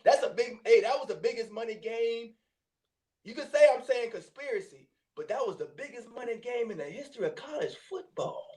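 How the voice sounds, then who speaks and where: A man hosting a casual sports chat, slangy and quick to laugh. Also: very high voice, expressive, darkish tone. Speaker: host.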